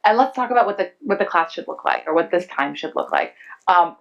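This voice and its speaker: A woman's voice: lowish voice, animated, a little fast, vocal fry, dull audio. A woman on a conference panel, talking in a thoughtful, casual way and often saying "like". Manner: thoughtful, frequent "like" fillers. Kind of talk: casual Q&A discussion. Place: conference room.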